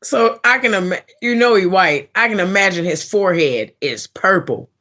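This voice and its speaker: A woman live streamer casually telling a story in a blunt, profane, animated way. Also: fairly low pitch.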